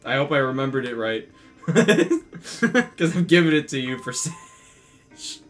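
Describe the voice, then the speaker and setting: A young man co-hosting a gaming video, calling out deadpan guesses and laughing often. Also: medium pitch, slow pace, soft background music. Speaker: gaming channel co-host. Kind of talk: casual gameplay banter.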